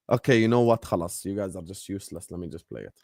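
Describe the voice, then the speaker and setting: A man hosting a football fan livestream, excitable and laughing as he trash-talks rivals and banters with chat. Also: deep voice, gravelly, heavy background noise.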